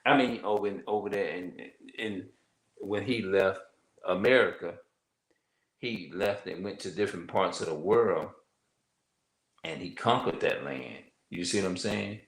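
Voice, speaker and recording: A man giving informal religious teaching, halting and repeating himself as he reads from notes. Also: low voice, roomy sound, poor audio.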